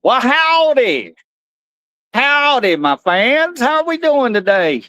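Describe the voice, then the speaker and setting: A man's voice: very high-pitched, big pitch swings, takes it slowly, bright, forceful tone, no room sound, studio quality, pitched above the performer's own voice, heavily acted. A man voicing an ornery male cowboy puppet with a folksy drawl for a live stream.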